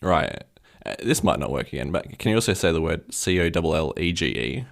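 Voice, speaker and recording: A man co-hosting a podcast in easy casual chat. His voice sits very low with a gravelly fry. He is curious and analytical, probing with questions. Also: sing-song, a little fast. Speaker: podcast co-host.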